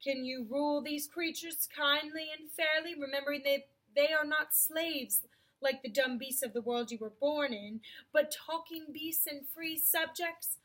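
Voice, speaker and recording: A woman's voice: high voice, fairly bright tone. A woman voicing a solemn lion king. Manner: slow, grave, commanding. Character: majestic male lion king, solemn and kind.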